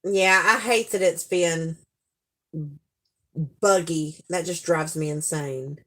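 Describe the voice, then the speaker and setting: A woman in her forties with a Southern accent, chatting casually with viewers on a livestream and telling stories in a lively, animated way. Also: fairly low pitch, slow. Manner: chatty, animated storytelling with frequent laughs. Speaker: livestream host.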